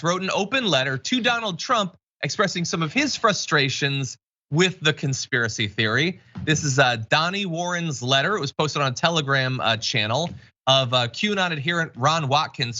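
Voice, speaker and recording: A man hosts a casual online news show, his voice bright and animated as he jokes wryly through the stories. His pitch sits a bit high for a man. The stream audio is somewhat dull and lo-fi. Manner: wry, joking, fast asides. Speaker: show host.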